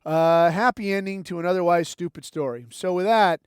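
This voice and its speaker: Podcast host, male, high-pitched, wry and foul-mouthed storyteller, dry close sound. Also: normal speed, clear, resonant tone, no room sound. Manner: profane, rambling, wry. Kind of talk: casual storytelling monologue.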